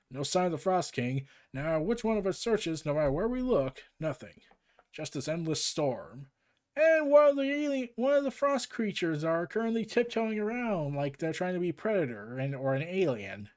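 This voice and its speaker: A man's voice: high voice, very animated, unhurried. A man recapping and reading through a comic book, with jokey asides.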